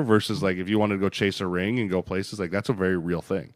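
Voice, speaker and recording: Ex-lineman podcast co-host: low voice, blunt, swears freely, dry studio sound. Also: fast, hardly any pauses, no room sound. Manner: blunt, profane, animated storytelling. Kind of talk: casual sports chat.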